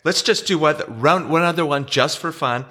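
A man's voice: fairly high pitch, moderate pace, sharp tone. A middle-aged man co-hosting a casual podcast, patiently explaining investing with frequent restarts.

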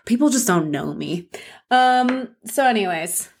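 A woman's voice: fairly high pitch, animated, measured pace, creaky, slightly rough. A woman co-hosting a casual podcast chat who tells her story indignantly, with plenty of swearing. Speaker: podcast co-host.

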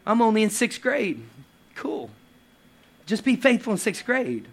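A man preaching a lively sermon with playful asides and acted quotes. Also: high voice, a little slow, creaky. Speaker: pastor.

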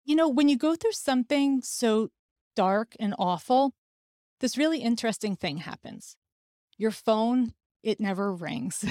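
A woman's voice: medium pitch, a little mellow, no echo, clean studio sound. A woman, hosting a podcast and telling a personal story in a candid, conversational way. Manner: candid, conversational, laughs now and then. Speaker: podcast host.

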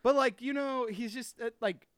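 A man's voice: extremely high pitch, normal speed, a bit bright, clean tone, dry recording. A man hosting a casual podcast chat, opinionated and profane, talking with lots of energy.

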